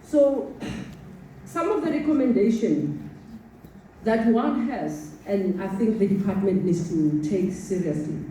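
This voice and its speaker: A woman's voice: medium pitch, lively intonation, a little slow, warm tone, slight background noise. A South African woman with a Sepedi accent gives an earnest formal address to students, often stumbling over repeated words. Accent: Sepedi-accented South African English. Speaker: conference speaker. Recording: echoey hall, voice from far off the mic.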